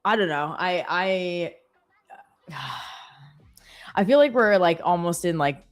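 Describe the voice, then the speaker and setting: Low-voiced chatty woman telling stories. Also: lively intonation, takes it slowly. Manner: chatty storytelling with many fillers. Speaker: co-host of a live trading stream. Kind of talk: casual chat.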